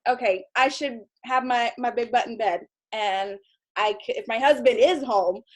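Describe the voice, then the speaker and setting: A woman in her thirties giving a casual training talk to her sales team, chatty and self-deprecating, with frequent fillers and quick laughs. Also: on the high side.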